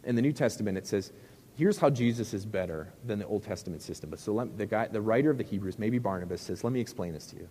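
A man's voice: fairly low pitch, expressive, quick pace, mellow, long reverb tail, slight background noise. A middle-aged male pastor preaching a sermon in a conversational, joking way, with rhetorical questions to the crowd.

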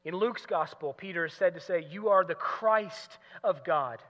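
Male pastor, sermon; high, bright voice, alternating hushed teaching with loud emphatic preaching; long hall reverb, dull recording. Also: normal speed. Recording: muffled recording in a large hall.

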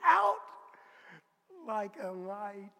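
A blunt, hot-tempered fisherman apostle, played by a preacher tells his story in a high, bright voice. He lurches from loud outbursts to hushed whispers. A long reverb trails each line. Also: very animated, extremely slow, vocal fry, full character voice. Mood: agitated.

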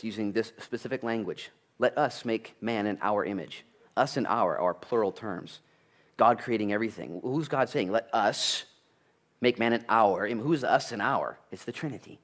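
Male pastor, lowish voice, chatty sermon with jokes and loud bursts. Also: moderate pace. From United States. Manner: animated and conversational, with jokes, asides and sudden loud bursts.

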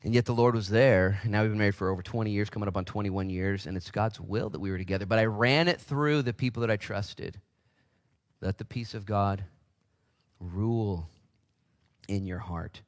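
Delivering his sermon fast and barely stopping for breath, this fortyish pastor is animated throughout. He jumps up into high-pitched voices whenever he acts out someone he's quoting.

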